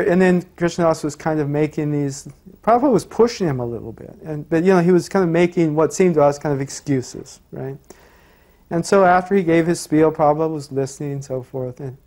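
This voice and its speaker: A man's voice: fairly high pitch, fairly quick, darkish tone. A man recalling past events in a loose, rambling way, full of "you know"s and restarts. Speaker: interviewee recalling his guru. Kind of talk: casual storytelling.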